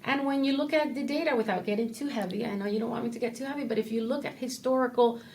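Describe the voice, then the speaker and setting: A woman who is a portfolio manager, a guest in an interview, explaining things in a measured way. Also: a little high, darkish tone, a little hiss or hum. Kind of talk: casual interview.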